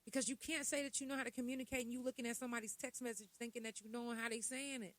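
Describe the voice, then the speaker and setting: A woman's voice: fairly high pitch, steady tone, rapid-fire, a bit bright, rough recording. A middle-aged woman talks straight to her podcast audience in a loose, conversational way. She poses rhetorical questions and adds asides as she goes. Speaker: podcast host. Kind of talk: casual podcast monologue.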